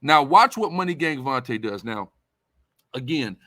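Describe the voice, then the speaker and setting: A man's voice: mid-range voice, animated, measured pace, sharp tone, no echo. Guy preaching, emphatic, keeps repeating himself, dry close sound. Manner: emphatic, repetitive, conversational. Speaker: religious teacher. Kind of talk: preaching-style commentary.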